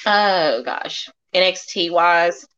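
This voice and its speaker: A woman's voice: lowish voice, animated, takes it slowly, fairly bright tone, clear, resonant tone. Blunt joking woman on a podcast. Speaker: podcast co-host. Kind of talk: casual chat. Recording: dull muffled sound.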